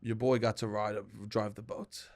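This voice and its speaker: A young man co-hosting a comedy podcast, telling stories in a lively, animated way. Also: moderate pace, no room sound. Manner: animated storyteller, gets loud and high when acting out his mother. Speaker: podcast co-host. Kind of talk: casual comedic chat.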